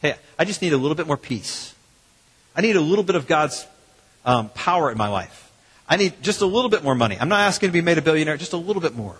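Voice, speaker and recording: A man, a pastor preaching a sermon in a church in a lively, conversational way with quoted asides. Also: fairly high pitch, fast, breathy edge. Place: church sanctuary. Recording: long hall reverb.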